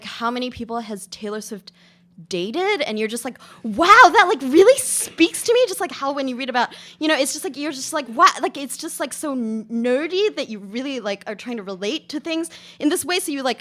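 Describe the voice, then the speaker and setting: A woman's voice: fairly high pitch, fairly bright tone. A woman reading her experimental prose aloud to a live audience in a casual, filler-heavy way, with lots of "like" and "um". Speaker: author giving a public reading.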